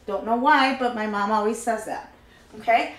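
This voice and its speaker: A woman's voice: fairly high pitch, normal speed, reverberant, poor audio. A woman teaching a Spanish grammar lesson, patiently walking through each step and repeating key points.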